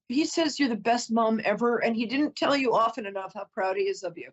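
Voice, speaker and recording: A woman's voice: a little high, brisk, dull audio. A woman giving a live call-in psychic reading, chatty and emotional, often breaking off to apologize. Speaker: psychic reader.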